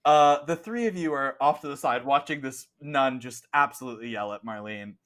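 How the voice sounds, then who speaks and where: A man's voice: mid-range voice, normal speed, a bit bright. A man narrating as game master of a tabletop game, rambling and correcting himself as he goes.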